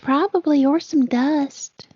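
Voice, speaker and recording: A woman's voice: high voice, slow pace, a crowd in the background. A woman playing a tabletop horror game in character, prim and composed. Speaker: player. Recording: dry, slightly muffled audio.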